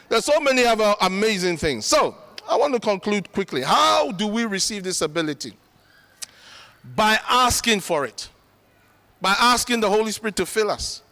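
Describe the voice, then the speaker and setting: High, bright-voiced man preaching. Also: big pitch swings, moderate pace. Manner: earnest, conversational, emphatic. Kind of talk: sermon. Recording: long reverb of a large hall.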